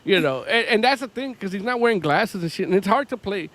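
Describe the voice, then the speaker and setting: Male podcast co-host, slightly high pitch, loose and profane, laughs mid-sentence. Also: expressive, a bit bright. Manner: rambling, profane, laughs often, does quick impressions. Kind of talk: casual chat.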